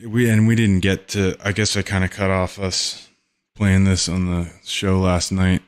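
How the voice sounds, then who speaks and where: A man hosting a podcast, talking casually and haltingly, often searching for words. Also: deep voice, level tone, clear, resonant tone. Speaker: podcast host. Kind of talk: casual solo commentary.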